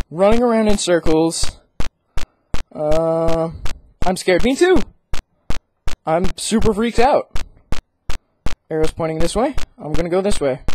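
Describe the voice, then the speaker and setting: A let's play gamer giving horror game commentary, talking back to the game and reading its text aloud, jittery and quick to break into frightened yelling. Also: mid-range voice, slight background noise, low-quality recording. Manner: reads on-screen text aloud.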